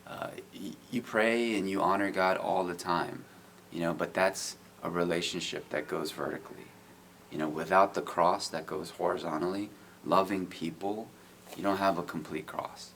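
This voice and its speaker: A man's voice: low voice, fairly even intonation, moderate pace, vocal fry, a bit bright, a little hiss or hum. A middle-aged man telling of his faith and street outreach in an earnest, casual way, often saying "you know". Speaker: guest, IT business owner. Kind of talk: casual testimony.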